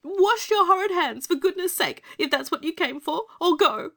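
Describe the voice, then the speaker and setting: A man voicing an upset young girl who is tearful and cross, in a high sobbing falsetto. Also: lively intonation, normal speed, vocal fry, sharp tone, exaggerated voice.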